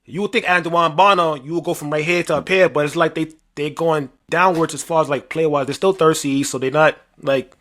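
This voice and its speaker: Animated young man with a bright, high voice. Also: a little fast, few pauses. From New York. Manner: animated, rambling, heavy slang and filler, trash-talking. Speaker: podcast co-host. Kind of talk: casual sports chat.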